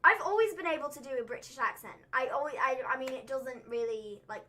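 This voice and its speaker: American woman, wrestling stream co-host, high bright voice, rambling and self-deprecating. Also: fast. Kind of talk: casual livestream chat.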